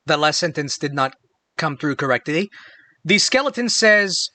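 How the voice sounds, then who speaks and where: A man's voice: a little high, expressive, normal speed, bright, forceful tone, dry recording. A man narrating a tabletop game as game master in a loose, casual way.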